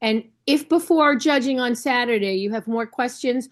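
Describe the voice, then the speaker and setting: Over a video call, a woman coach trains new judges in an online session, speaking at a moderate pace in a slightly high voice. Her style is conversational and instructive, and she frequently checks in with her listeners.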